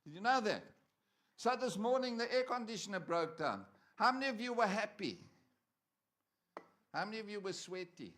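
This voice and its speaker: A man with a high voice preaches to his congregation. He keeps it conversational, teasing the room and asking them questions as he goes. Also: very animated, moderate pace, long pauses, a bit bright. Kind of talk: sermon. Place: church.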